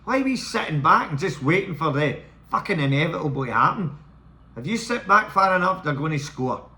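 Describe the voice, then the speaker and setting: A man's voice: fairly high pitch, sing-song, fairly quick, bright, forceful tone. A Scottish man ranting furiously as a football fan to camera, swearing and repeating himself. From Scotland. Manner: swearing, heated, repetitive. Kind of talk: angry fan rant to camera.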